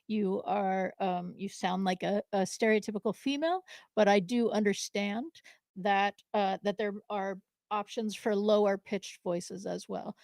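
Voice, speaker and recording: A woman from New England co-hosting a show, talking casually and haltingly, with many fillers and frequent laughs. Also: mid-range voice, no echo, studio quality. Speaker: podcast co-host. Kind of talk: live casual conversation.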